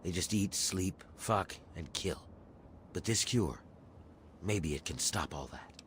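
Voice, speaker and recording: A man's voice: sits low, takes it slowly, fairly bright tone, breathy edge, exaggerated voice. An actor playing a blunt, grim one-eyed male rebel from a slave city in a video game. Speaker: game character.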